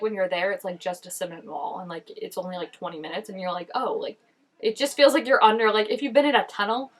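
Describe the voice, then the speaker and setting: A chatty woman talks through a show she is watching. Her voice sits at an ordinary middle pitch, and she keeps up a loose, animated flow full of filler words. It sounds like a casual home recording on a camera mic. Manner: chatty, animated, many "like" fillers, quick laughs. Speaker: reaction video host. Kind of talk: casual reaction commentary. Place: indoors at home, changing daylight.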